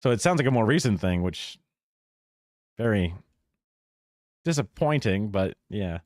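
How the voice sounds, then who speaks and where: A man's voice: fairly low pitch, lively intonation, unhurried, dry recording, clean studio sound. A man hosting a live reaction stream, talking casually, opinionated, swearing and chuckling. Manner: opinionated, profane rants mixed with chuckles. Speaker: livestream host. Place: home streaming setup.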